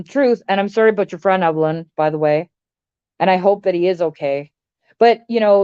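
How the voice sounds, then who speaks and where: A woman's voice: mid-range voice, warm tone, clear, resonant tone, dry recording, highs cut off. A woman from Canada ranting casually to her livestream chat, blunt and profane, rambling with lots of filler words. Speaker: livestream host.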